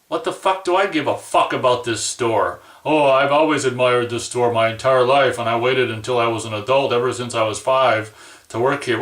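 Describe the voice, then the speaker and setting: A man's voice: mid-range voice, fairly bright tone, reverberant, recorded from a distance. A man venting in a rambling, profane, exasperated rant about his day. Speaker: vlogger. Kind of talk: angry personal rant.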